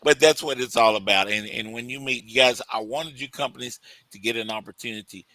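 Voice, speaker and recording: A man's voice: medium pitch, fairly quick, sharp tone, dry recording, poor audio. A man with a Texas accent hosting a radio talk show, rambling enthusiastically and calling listeners "guys". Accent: Texan.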